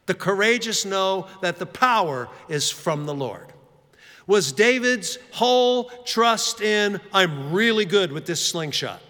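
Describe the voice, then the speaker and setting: A man preaching a sermon, telling self-mocking stories with lots of fillers, in a church hall. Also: high-pitched. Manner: animated, self-mocking anecdotes with many fillers. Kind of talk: storytelling sermon. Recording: long reverb of a large hall.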